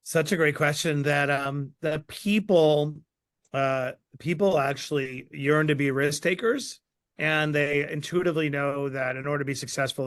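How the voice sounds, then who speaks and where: A man speaking as an author guest in a live online Q&A, energetic and emphatic. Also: fairly high pitch, vocal fry, no echo.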